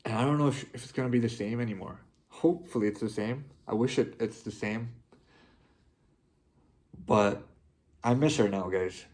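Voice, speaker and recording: A young man talking to his viewers, heartfelt and halting, often restarting his sentences. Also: mid-range voice, darkish tone. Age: young adult. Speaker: vlogger. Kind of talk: personal reflective monologue.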